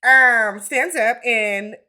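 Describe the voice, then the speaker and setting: A woman's voice: a little high, very slow, bright, forceful tone. A woman giving a casual recap of a reality TV episode, with sassy, blunt commentary and slangy asides.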